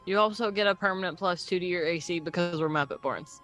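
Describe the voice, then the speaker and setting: A man's voice: high voice, fast talker, sharp tone, soft background music. A man playing a tabletop game, helpfully explaining the rules to the others. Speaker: player.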